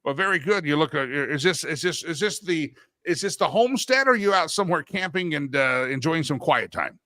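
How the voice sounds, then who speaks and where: This middle-aged host talks fairly quickly in a fairly high, expressive voice with a sharp edge. He tells rambling personal stories in a casual talk show monologue, regularly correcting himself mid-sentence. Studio-quality audio with no room sound.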